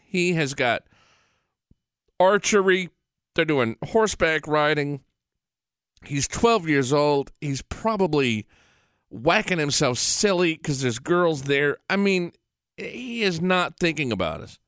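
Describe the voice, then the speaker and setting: Slow and on the high side, this radio host's voice swings widely in pitch and sounds a bit bright, clear, and resonant. He delivers a loose, rambling, profane monologue, recorded dry and close on a studio mic with no room sound.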